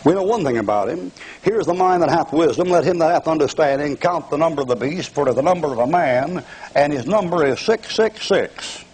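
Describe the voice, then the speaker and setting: A man's voice: a little high, expressive, brisk, darkish tone, husky, poor audio. An older man preaching a televised fire-and-brimstone sermon, mocking and taunting his audience with bursts of laughter.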